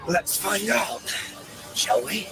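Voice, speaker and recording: A man's voice: high voice, very animated, takes it slowly, gravelly, exaggerated voice. An actor voicing a sly male villain in a game trailer, speaking in a mocking, taunting way. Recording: music playing underneath.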